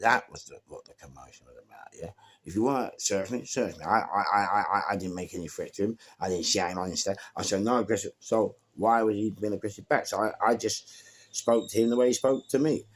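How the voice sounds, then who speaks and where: Brief: middle-aged London man, low husky voice, animated storyteller who acts out all sides of a conversation. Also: a little fast. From England. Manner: animated storytelling, acting out both sides of dialogue. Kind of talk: casual anecdote told to camera.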